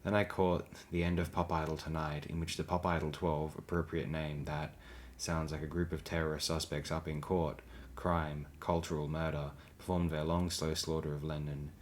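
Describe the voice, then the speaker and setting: A man's voice: extremely low pitch, flat delivery, moderate pace, a little hiss or hum. A man reading blog posts aloud as an audiobook, with a dry, sardonic delivery. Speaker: audiobook reader.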